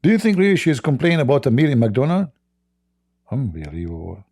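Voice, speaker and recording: A man with a gravelly, husky voice hosts a livestream, mocking a clip with sarcastic jokes and frequent laughter. His tone is dark and mellow, and the sound is dry and close. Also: mid-range voice, huge pitch swings, fairly quick, no echo. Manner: sarcastic, joking, laughs often. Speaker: livestream host. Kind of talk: mocking commentary on a video clip.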